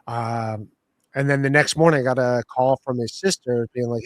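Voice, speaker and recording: A man's voice: mid-range voice, little pitch movement, a little fast, dry recording, clean studio sound. A man hosting a podcast, telling a long story in casual chat with lots of fillers and restarts. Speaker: podcast host.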